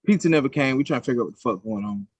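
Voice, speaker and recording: A man in his thirties co-hosting a casual podcast, telling stories loose and profane. His voice sits at an ordinary middle pitch. It is recorded close and dry, with no room sound. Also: very fast, creaky, no room sound. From United States. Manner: profane, animated storytelling. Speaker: podcast co-host. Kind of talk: casual chat.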